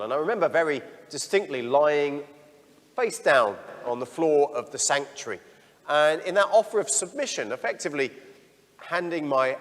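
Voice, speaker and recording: A middle-aged priest preaches in a frank, self-deprecating style, his voice at an ordinary man's pitch. His words trail off into the long reverb of a church. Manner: candid, self-deprecating storytelling. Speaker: parish priest. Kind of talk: sermon.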